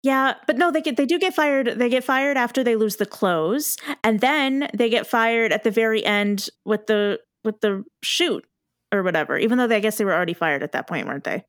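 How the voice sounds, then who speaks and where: A woman's voice: on the high side, brisk, no room sound, studio quality. A young woman co-hosting a casual podcast, chatting in a giggly, self-deprecating way. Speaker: podcast co-host.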